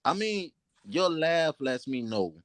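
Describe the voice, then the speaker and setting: A man's voice: on the high side, big pitch swings, takes it slowly. A man co-hosting a casual online panel, pressing a guest with pointed questions. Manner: challenging, questioning. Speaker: panel co-host.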